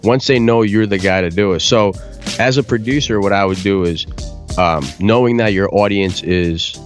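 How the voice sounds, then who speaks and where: A man, a music producer guest on a podcast, explaining marketing in casual chat with a blunt, profane, animated manner. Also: on the low side, moderate pace.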